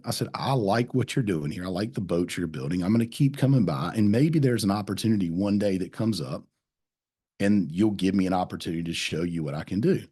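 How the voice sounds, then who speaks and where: Low husky-voiced man telling sales stories. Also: expressive, fast, a little mellow. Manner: folksy salesman storytelling, repeats phrases, says "man". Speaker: podcast host. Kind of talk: casual storytelling chat.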